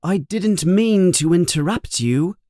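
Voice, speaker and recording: A man doing a young boy wizard, high and polite. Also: lively intonation, takes it slowly, mellow, dry recording, studio quality. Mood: tentative. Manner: polite, tentative.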